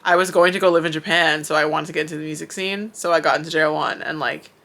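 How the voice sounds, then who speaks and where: Young vlogger all teary, gushing nonstop with tons of likes, bright tense voice. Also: medium pitch, fairly even intonation, fast talker. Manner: gushing, filler-heavy, rambling with many likes. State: teary, emotional. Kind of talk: emotional fan vlog talk to camera. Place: in Japan.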